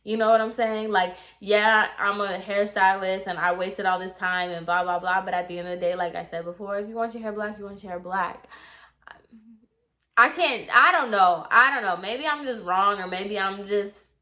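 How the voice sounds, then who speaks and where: A young woman with a bright, forward voice chats through a story from her salon work. Her delivery is loose and conversational, sprinkled with "like" and "you know", and she sounds fully at ease. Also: mid-range voice, moderate pace. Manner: chatty, lots of filler "like" and "you know". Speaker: hairstylist. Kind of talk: casual storytime chat.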